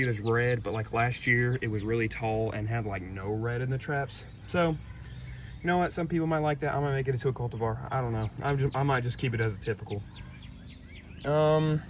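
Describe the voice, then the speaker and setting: A man's voice: mid-range voice, a bit bright, a little hiss or hum. Rambling young man touring his plants. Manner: rambling, chatty, many ums and likes. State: voice cracking. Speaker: carnivorous plant grower giving a tour. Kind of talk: casual walkthrough vlog. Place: outdoor garden.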